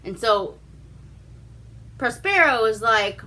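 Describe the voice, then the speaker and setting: A woman recapping a film in a loose, profane and chatty way, taking her time with each sentence. Her voice is bright and clear, with a relaxed, unhurried pace. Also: medium pitch. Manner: profane, chatty, acts out quotes. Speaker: vlog host reviewing a movie. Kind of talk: casual movie recap.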